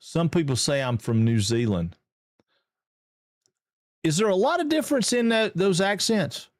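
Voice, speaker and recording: A man from Georgia with a Southern American accent, hosting a live game stream in casual, upbeat chat and greeting viewers excitedly. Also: high voice, measured pace, no room sound, studio quality. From Georgia, USA.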